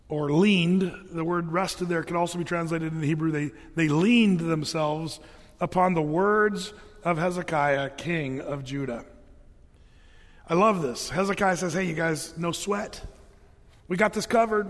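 A male pastor with a notably high voice gives a relaxed, humorous sermon. He keeps the talk light with playful asides while he explains scripture. His voice rings out with a long reverb, as if in a large hall. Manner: casual and joking, with playful asides and restarts.

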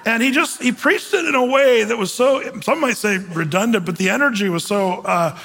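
A high, husky male voice preaching to his congregation, lively and animated as he tells a story. The sound rings with the long reverb of a church hall. He ends by slowing into prayer. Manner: animated, grows excited and laughing while retelling. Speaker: pastor. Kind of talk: sermon with storytelling and closing prayer.

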